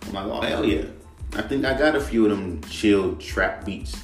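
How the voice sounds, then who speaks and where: Profane, animated man ranting in an echoey room. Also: lowish voice, moderate pace. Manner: profane, animated, mimics rap flows. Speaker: podcast host and rapper. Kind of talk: casual solo rant. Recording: echoey room, mic at a distance, faint music.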